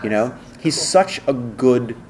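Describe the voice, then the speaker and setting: A man interviewed as a voice actor chats casually, telling animated stories with acted-out quotes and lots of fillers. He has a medium-pitched voice and a slow pace, with a little hiss or hum in the recording.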